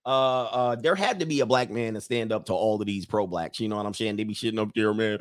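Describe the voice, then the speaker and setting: A man's voice: lowish voice, fast talker. A man in his forties or older hosting a live show and telling crude, slangy comic stories, now and then slipping into acted voices. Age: 40s or older. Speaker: show host. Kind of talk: casual comedic commentary on a live show.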